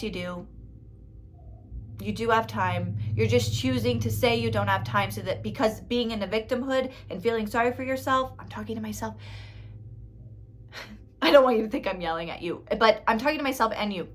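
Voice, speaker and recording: A woman in her thirties, a spiritual life coach, talking straight to her viewers in a casual motivational vlog, emphatic and dramatic and often laughing at herself. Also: on the high side.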